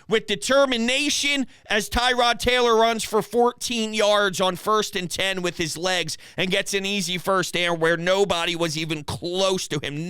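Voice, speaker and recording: A male sports host reacts live to a game, giving exasperated and mocking play-by-play. His voice sits high and bright with a smooth, crisp tone. The sound is close and dry, with no room around it. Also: no echo.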